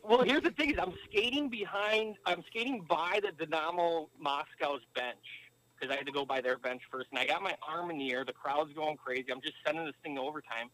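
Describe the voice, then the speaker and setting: Speaking briskly in a sharp, high-leaning voice, a former professional hockey player from the US guests on a casual interview podcast. He tells an extended story with plenty of fillers and meandering asides, captured in low-quality audio.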